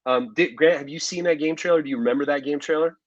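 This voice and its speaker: A man, an actor as interview guest, telling stories in a relaxed way with many fillers and asides. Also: fairly high pitch, fast, no room sound, lo-fi sound. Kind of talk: casual interview storytelling.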